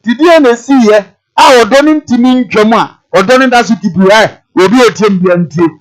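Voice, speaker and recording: A man's voice: high-pitched, fairly quick, rough recording. A man on a TV talk show, repeating Bible verses and explaining them, switching between Twi and English. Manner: expounding on scripture, repeating each verse and explaining it; mixes Twi with English phrases.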